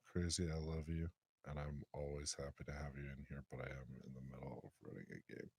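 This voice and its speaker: A man acting as dungeon master, calmly walking players through damage and grapple rolls over voice chat. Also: rumbling low, a little fast, vocal fry, husky. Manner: patient, explains rules step by step. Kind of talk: running a tabletop game over voice chat.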